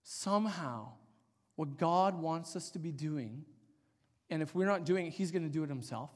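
A middle-aged man preaching a sermon, telling a personal story in an animated, rambling way with many fillers. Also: fairly high pitch, normal speed. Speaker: pastor. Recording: long hall reverb.

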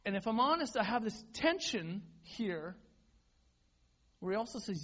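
A pastor preaching in a lively conversational way. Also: male voice, high voice, normal speed, long pauses. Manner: conversational, self-deprecating, repeats and restarts words. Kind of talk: sermon. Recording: dull lo-fi sound.

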